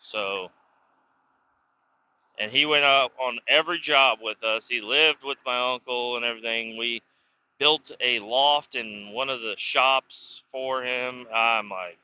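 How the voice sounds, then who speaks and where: A man's voice: medium pitch, takes it slowly, pushed and bright, clean tone, no room sound, highs cut off. A man casually telling rambling, profanity-laden stories about his past while sitting in a car, chuckling now and then. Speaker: vlogger telling life stories. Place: inside a car while driving.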